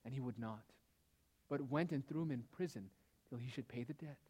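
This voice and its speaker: A man preaching a sermon who speaks with emphasis, asks pointed rhetorical questions and lets his phrases trail off softly. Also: mid-range voice, fairly quick, husky.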